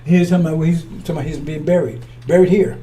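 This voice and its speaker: A man's voice: on the high side, fairly even intonation, fast, dark tone, a little hiss or hum. A man preaching in a blunt, scornful way, often repeating and restarting his words. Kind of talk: fiery preaching.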